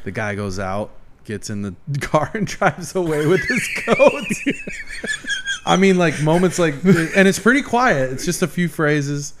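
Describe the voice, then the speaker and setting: A man chatting casually about comedy films, pausing to search for names and retelling gags. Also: a little high, very animated, a little hiss or hum. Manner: hesitant, searches for words, retells film gags.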